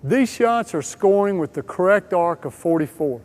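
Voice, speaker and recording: A man giving a scripted instructional voice-over for a training video, explaining each point in a measured way. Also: high-pitched, animated, a little mellow.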